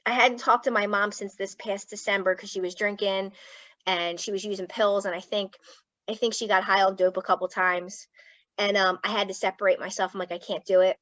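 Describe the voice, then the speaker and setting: A woman's voice: medium pitch, steady tone, fairly quick, fairly bright tone, no room sound. A woman psychologist from Philadelphia talks as a guest over a video call. She is candid and blunt, and she curses without a second thought. The sound is muffled and dry, with no room around it. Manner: blunt, swears freely, speaks frankly. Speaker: guest speaker, clinical psychologist. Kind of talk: candid personal storytelling to an audience.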